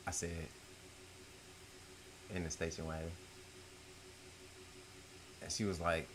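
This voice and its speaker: A middle-aged man telling a story from his own life in a casual, profane way, jumping between loud outbursts and low mutters at home. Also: animated, a little slow, long pauses, slight background noise. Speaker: YouTube storyteller.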